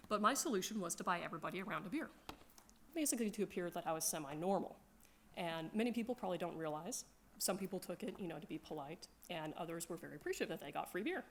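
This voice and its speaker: A woman telling casual, animated stories about her gaming group, laughing often and acting out her friends' lines. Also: medium pitch. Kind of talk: casual storytelling to a crowd.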